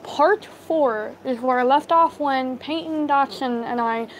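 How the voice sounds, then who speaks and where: Woman, high voice, slow unhurried pace, halting casual storytelling, lots of fillers, phone mic. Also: slight background noise, poor audio. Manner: halting, many fillers and restarts. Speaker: livestream storyteller. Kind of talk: casual spoken storytelling to live viewers.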